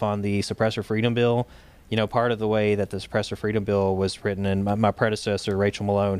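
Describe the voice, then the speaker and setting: Low-voiced man telling a story. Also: a little mellow, clean tone. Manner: talks in loose runs with frequent fillers and restarts. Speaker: guest, state director of a gun rights group. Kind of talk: casual interview storytelling.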